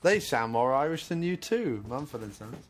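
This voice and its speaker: A man's voice: medium pitch, big pitch swings, moderate pace. A man co-hosting a casual movie commentary podcast, joking around. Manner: jokey, puts on silly voices. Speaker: podcast co-host.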